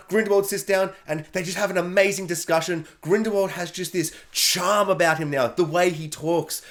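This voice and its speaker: A man giving a casual spoiler film review, animated and sarcastic, with joking asides. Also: fairly high pitch.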